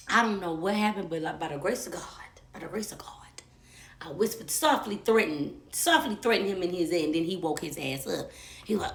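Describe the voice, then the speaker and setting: A young woman telling a personal story live, animated and profane. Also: lowish voice, brisk, gravelly, reverberant. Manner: animated, profane, acts out quotes. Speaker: storyteller host.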